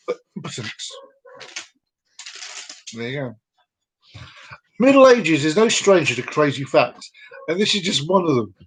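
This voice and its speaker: A man's voice: a little high, a little hiss or hum. A man hosting a casual live-stream vlog, reading out fun facts in a rambling, jokey way and repeating himself. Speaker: vlog host.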